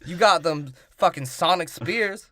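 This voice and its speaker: A man's voice: fairly high pitch, animated, unhurried, bright, forceful tone. A young man co-hosting a podcast, riffing and laughing through a crude comedic movie recap. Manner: laughs often, riffs on the other host's jokes. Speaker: podcast co-host.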